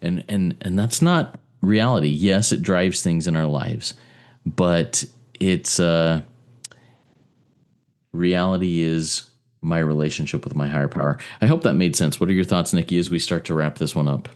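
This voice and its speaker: A man co-hosting a recovery podcast, talking in a reflective, halting way with frequent pauses and fillers. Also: deep voice, darkish tone. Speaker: podcast co-host.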